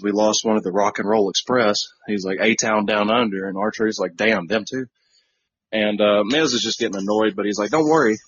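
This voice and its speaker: Guy with a low husky voice, rambly podcast chat, dull dry lo-fi sound. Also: a bit bright, no echo. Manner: rambling with many fillers, jokey asides. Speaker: podcast co-host. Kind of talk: casual chat recapping wrestling.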